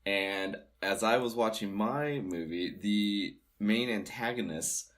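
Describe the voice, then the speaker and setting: A man's voice: lowish voice, takes it slowly, fairly bright tone. Man, podcast co-host, casual chat, conversational film recap. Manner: conversational, recapping films with small restarts.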